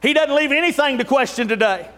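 A man preaches in a strikingly high voice, fervent and building to shouts, with joking asides between points. His sermon rings through a church hall with a long, trailing reverb. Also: expressive, fast talker. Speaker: pastor. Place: church sanctuary.

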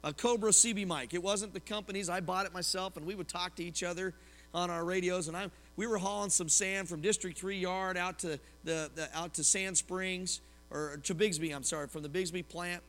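Male pastor, high and bright, lively sermon with stories, in a reverberant hall. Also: fairly quick. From Oklahoma, US. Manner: lively preaching with personal stories and questions to the congregation.

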